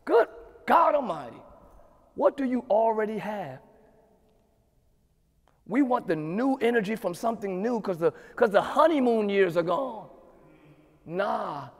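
High-voiced pastor preaching in a reverberant hall. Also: male voice. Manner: preaches with rising shouted emphasis and repeated refrains. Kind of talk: sermon. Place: church sanctuary.

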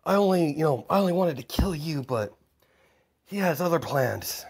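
A man's voice: a little high, expressive, moderate pace, husky, voice pushed up. A man voicing a nervous criminal who is afraid of a dangerous boy, speaking in a jittery, pleading way.

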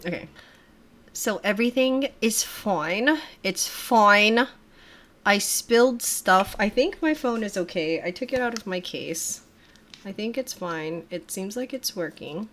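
A woman's voice: medium pitch, animated, a little slow, fairly bright tone. A young adult woman hosting a casual reaction livestream from her home desk, chatty, laughing often and swearing casually.

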